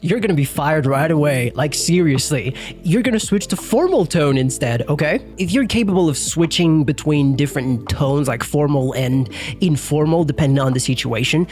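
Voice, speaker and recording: A man's voice: fairly high pitch, expressive, normal speed, a little mellow. A young man giving a casual English lesson, talking loosely with lots of fillers and the odd swear word. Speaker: English teacher.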